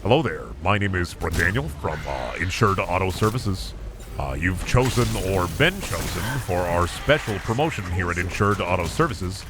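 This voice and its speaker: A man voicing a slick, pushy car-warranty telemarketer with smooth, rehearsed sales patter in a lowered voice. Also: animated, moderate pace, background noise. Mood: salesy.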